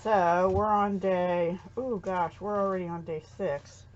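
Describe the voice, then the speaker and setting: A middle-aged American woman chats unhurriedly, in a fairly low voice, as she unboxes handmade crafts. She gushes and is easily touched. Her home recording sounds dull and lo-fi, with a faint hiss behind her. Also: fairly even intonation, measured pace. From USA. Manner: chatty, gushing, easily touched. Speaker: crafting vlogger. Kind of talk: casual unboxing chat.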